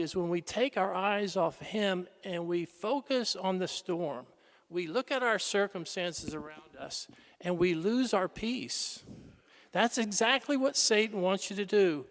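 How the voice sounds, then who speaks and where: Male priest, sermon, high voice, dramatic loud and soft swings, echoing church. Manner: dramatic, swings from shouting to hushed tones. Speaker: pastor. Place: large church. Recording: reverberant church hall.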